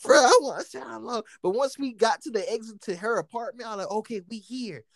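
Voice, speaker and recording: A man telling a story in casual chat, animated and profane, laughing often and acting out what people said. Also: very high voice, brisk, dry recording, clean studio sound.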